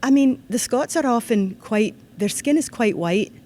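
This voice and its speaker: A woman giving a formal ceremony address to students, in an earnest, measured way that turns lively when she tells a story. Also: on the high side, slight background noise. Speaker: ceremony speaker. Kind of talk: formal commencement-style address.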